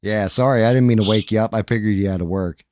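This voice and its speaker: A man's voice: fairly low pitch, fast, darkish tone, no echo, studio quality. A man hosting a live stream, chatting casually and rambling to viewers with frequent profanity, into a microphone. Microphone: studio microphone.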